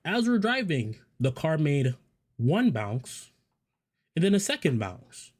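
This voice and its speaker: A man's voice: a little high, sing-song, slow, darkish tone. A man casually telling a personal story to viewers, rambling with profane, joking asides. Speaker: storyteller vlogger.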